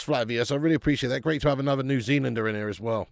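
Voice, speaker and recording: A man's voice: mid-range voice, racing, gravelly, no echo, clean studio sound. A man hosting a live football watch-along, chatty and laddish, swearing and calling viewers mate and lad. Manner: bursts out loud at match chances.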